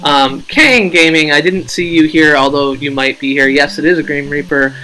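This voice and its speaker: A man's voice: on the high side, normal speed, bright, forceful tone, a little hiss or hum, rough recording. A man hosting a casual game live stream, rambling, joking at his own expense and reading out viewer names.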